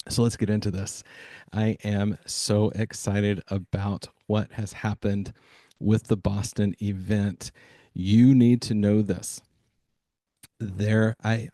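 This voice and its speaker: A man's voice: on the low side, dark tone, dry recording. A man hosting a sales podcast, talking to listeners in an enthusiastic, hyping way with plenty of fillers. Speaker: podcast host. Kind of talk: energetic podcast monologue.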